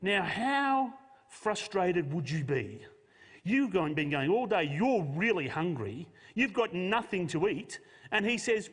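A man's voice: sits high, very animated, unhurried, husky. A man, a pastor preaching a sermon and telling a Bible story with jokey modern asides. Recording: long hall reverb.

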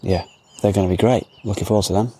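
A man's voice: fairly low pitch, steady tone, fast talker, mellow, breathy edge. A man hosting a podcast, chatting casually while he walks around an allotment, with rambling, self-deprecating asides. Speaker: podcast host. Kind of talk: casual outdoor monologue. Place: outdoors at an allotment.

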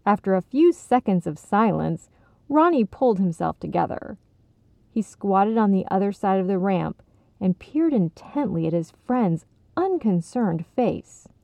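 Female storybook narrator, slow and gravelly, tinny dry sound. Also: medium pitch, sing-song, dark tone, dry recording. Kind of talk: storybook reading.

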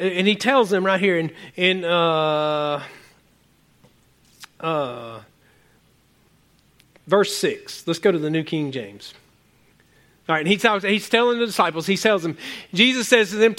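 A man preaching a sermon as a pastor, animated and rambling, often repeating words and swinging between loud exclamations and quiet asides. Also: sits high.

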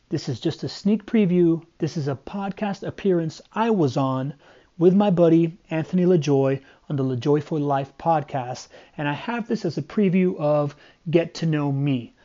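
A man giving an upbeat, energetic intro to his podcast. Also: a little high, normal speed, dull audio. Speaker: podcast host.

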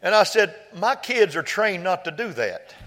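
A pastor preaching a sermon, telling personal stories quietly and then rising to shouted climaxes. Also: male voice, high voice, big pitch swings, moderate pace, slight background noise. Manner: swings from soft storytelling to loud shouted peaks.

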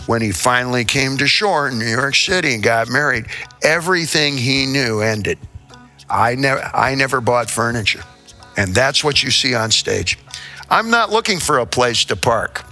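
An older man with a strikingly bright, forward voice tells rambling stories in an interview. His delivery is theatrical and playful, full of jokes and laughing asides, with faint music running underneath. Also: medium pitch, animated, moderate pace. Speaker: performing musician.

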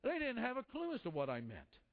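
Impassioned man preaching a sermon, high voice. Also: wildly swooping pitch, fairly quick, phone-quality sound. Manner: impassioned, rising then dropping to a hush. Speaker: pastor.

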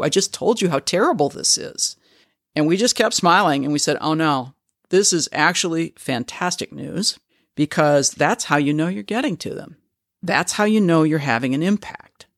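A man's voice: fairly high pitch, fairly bright tone, dry recording, clean studio sound. A man hosting a podcast lesson, coaching listeners in an earnest, emphatic way. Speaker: podcast host and advocacy teacher.

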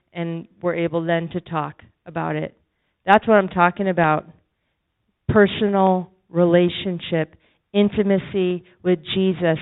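A woman preaching a sermon in an impassioned, pleading way. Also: fairly low pitch. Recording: phone-like narrow sound.

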